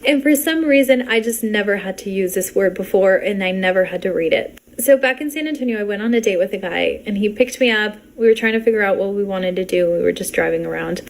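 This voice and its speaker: A woman's voice: medium pitch, fast talker, creaky, few pauses. A young woman whose first language is Spanish, animatedly telling a dating story to camera and laughing as she goes.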